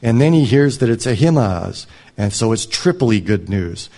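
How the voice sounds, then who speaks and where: A man reading a scripture passage aloud and commenting on it as a teacher, in a measured, reflective way. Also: fairly low pitch, lively intonation. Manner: measured, reflective, drops soft on moving lines. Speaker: Bible teacher.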